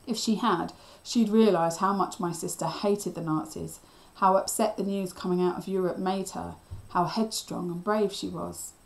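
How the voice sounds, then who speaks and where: A woman teacher reading a children's novel aloud in a steady, expressive storytelling voice. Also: lowish voice, moderate pace, gravelly, few pauses, rough recording.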